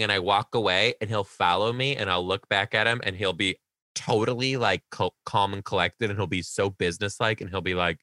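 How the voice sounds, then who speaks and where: A young man, a teacher, chatting casually on a podcast with his mother, telling stories in an animated, giggly way. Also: fairly low pitch, brisk, dry recording, studio quality. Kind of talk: casual chat.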